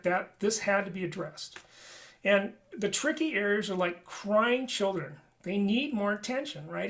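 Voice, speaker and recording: A man's voice: sits high, vocal fry, fairly bright tone. A man teaching a flute lesson in a webinar, talking conversationally and often checking in with "right?". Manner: demonstrates and explains playing habits.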